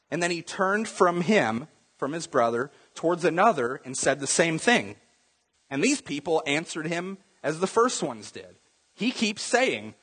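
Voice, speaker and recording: A man's voice: fairly high pitch, very animated, unhurried, a bit bright, husky, big-room sound. A man preaching a sermon as pastor, talking conversationally and acting out Bible scenes in different voices.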